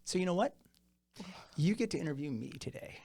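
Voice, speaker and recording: A man's voice: fairly high pitch, animated, a little fast, creaky, a little mellow, husky. Jokey fifties guy hosting a podcast, casual chat into a studio mic. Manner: playful, jokey, laughs often. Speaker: podcast host. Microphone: studio microphone.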